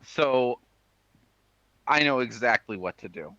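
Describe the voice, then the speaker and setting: A man playing a tabletop game, excitable and loud when rolls go badly. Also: medium pitch, slow, no echo, highs cut off. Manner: excitable, yells when dice go bad. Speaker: player.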